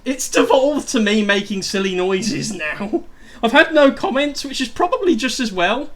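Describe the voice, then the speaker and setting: Hosting a casual gaming stream, this man talks at normal speed in a very high, animated voice, drifting from topic to topic with self-deprecating humor.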